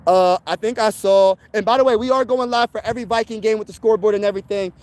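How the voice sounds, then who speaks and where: A young man hosting a sports channel, chatting casually on a livestream while walking a trail outdoors, slangy and animated. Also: high voice, fast, no room sound.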